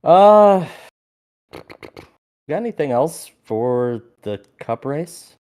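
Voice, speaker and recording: A man co-hosting a podcast in casual chat, telling a story with animated energy and plenty of swearing. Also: on the high side, extremely slow, clean tone, highs cut off. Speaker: podcast co-host.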